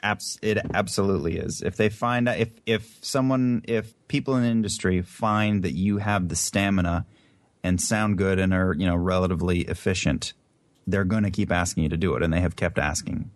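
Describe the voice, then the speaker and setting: A middle-aged man with a New Jersey accent, talking in a laid-back, wry way as a guest in a casual interview. His voice sits very low and comes through dry and close, with no room sound. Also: fairly even intonation, brisk, no echo. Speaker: voice actor guest.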